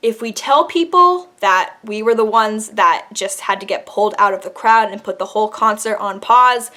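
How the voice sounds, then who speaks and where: A young adult woman talks straight to camera in a casual story-time vlog. Her pitch sits in a middle range for a woman. She is chatty and loose, with frequent fillers and a laugh slipping in here and there. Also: moderate pace, bright, forceful tone. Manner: chatty, laughs while telling, many fillers. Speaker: vlogger.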